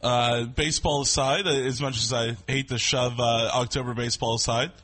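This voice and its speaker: A man's voice: mid-range voice, fairly even intonation, normal speed, fairly bright tone. A man co-hosting a sports radio show, easygoing and steering the chat. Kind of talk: casual sports radio banter. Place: radio studio.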